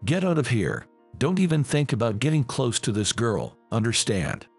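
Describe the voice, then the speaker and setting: A man's voice: medium pitch, moderate pace, breathy edge, faint music behind, heavily acted. A man playing a firm protective lifeguard. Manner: firm, steady. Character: calm, protective young male lifeguard.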